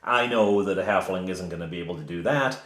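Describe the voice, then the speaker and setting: A man recounting a tabletop game session as game master, in an animated storytelling manner. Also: low voice, quick pace. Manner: animated storytelling, chuckles often. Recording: roomy echo.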